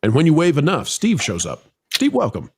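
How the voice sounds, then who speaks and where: Animated man hosting a news podcast. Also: fairly high pitch, a little fast, husky. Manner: animated, jokey, reads headlines aloud. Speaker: podcast host. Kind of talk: casual news commentary.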